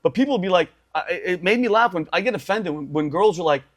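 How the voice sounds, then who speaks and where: A man's voice: sits high, lively intonation, fast talker, a bit bright. A man in his forties telling his story as a podcast guest, emphatic and repetitive, saying "bro" and "dude" often. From Assyrian family. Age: 40s.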